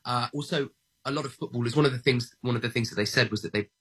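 A man's voice: medium pitch, fast, fairly bright tone, husky. A man from England, an actor guest in a radio interview, answering thoughtfully with lots of "uh"s and restarts and a self-deprecating humor. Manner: hesitant, many fillers and restarts, self-deprecating.

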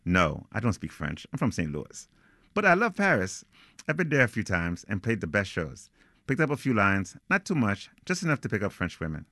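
A man's voice: fairly low pitch, huge pitch swings, moderate pace, sharp tone, no room sound, clean studio sound, heavily acted. A man voicing a cocky young male jazz trumpeter who talks in a breezy, slangy swagger. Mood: teasing.

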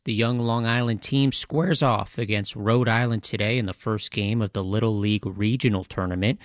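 A man reads the local news and weather on the radio in a brisk, even manner. His voice sits in the middle range. The studio sound is dry. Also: mid-range voice, dry recording. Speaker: radio newsreader.

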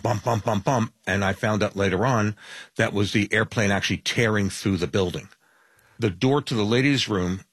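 A man with a low, husky voice gives a vivid, deliberate survivor's account. He speaks carefully and lingers on details. The sound is dry and close. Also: fairly bright tone, dry recording. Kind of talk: interview testimony.

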